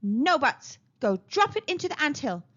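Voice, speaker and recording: A woman voicing a stern old grandmother who scolds loudly. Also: sits high, very animated, moderate pace, pitched above the performer's own voice. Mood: scolding. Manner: loud and scolding. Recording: slightly dull lo-fi recording.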